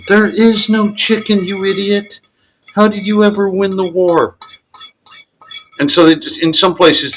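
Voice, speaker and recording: A man's voice: mid-range voice, noisy background. A man casually talking through a recipe in his home kitchen, rambling and correcting himself as he goes. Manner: rambling, self-correcting, chatty. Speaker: cooking vlogger. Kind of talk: casual cooking demonstration.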